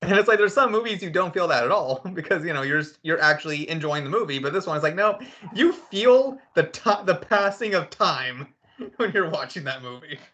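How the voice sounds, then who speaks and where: A man's voice: on the high side, lively intonation, fairly quick, bright, forceful tone, highs cut off. A man co-hosting an entertainment podcast, chatting casually and filling his talk with "like". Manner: chatty, lots of "like". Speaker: co-host.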